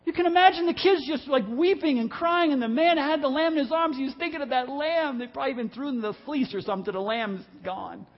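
A male pastor preaching a sermon in a church service, telling a story in an animated way and acting out the voices in it. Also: very high-pitched, quick pace, hardly any pauses, dull audio.

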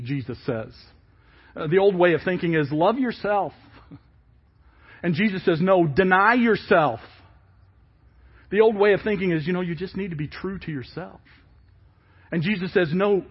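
A man preaching a sermon, emphatic and falling quiet at the ends of phrases. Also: mid-range voice, slightly rough. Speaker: pastor. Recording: dull lo-fi church service audio.

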